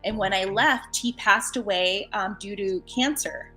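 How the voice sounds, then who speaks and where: Bright animated woman telling a story. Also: mid-range voice, unhurried, faint music behind. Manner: animated, laughing, acts out voices in her story. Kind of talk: casual storytelling.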